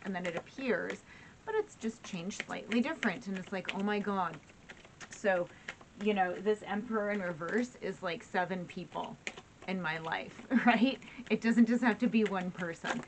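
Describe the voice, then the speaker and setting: A woman's voice: medium pitch, background noise. A woman giving a casual tarot reading to her viewers, encouraging and frequently asking "right?" and "okay?". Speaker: tarot reader.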